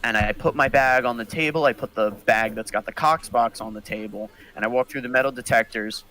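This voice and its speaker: A young man co-hosting a casual chat, telling a story in a bright, forceful voice. He acts out the people he quotes with sudden leaps in pitch. His voice sits at a middle pitch for a man. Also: fairly quick, poor audio. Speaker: podcast co-host.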